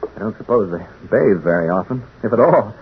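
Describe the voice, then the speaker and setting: An actor playing a nervous, chatty radio announcer who stammers and rambles, in a 1940s radio drama. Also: male voice, fairly low pitch, lively intonation, brisk, a little hiss or hum. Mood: uneasy. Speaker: radio announcer in a haunted house. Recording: tinny old 1940s radio broadcast.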